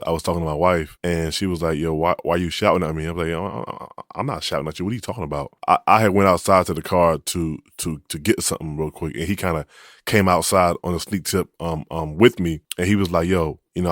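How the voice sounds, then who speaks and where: A man with a very deep voice talks quickly in a relaxed way, often restarting and repeating his words. He sounds close and dry, with no room sound. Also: dry recording. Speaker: podcast co-host. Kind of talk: casual chat.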